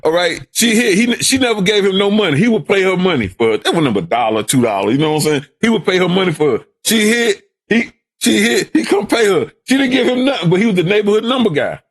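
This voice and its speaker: A man's voice: high-pitched, big pitch swings, quick pace. An older man from Brooklyn, a podcast guest telling stories in casual talk, often repeating words and putting on voices for the people he quotes. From Brooklyn, New York. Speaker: guest, host's father. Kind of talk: storytelling in casual conversation.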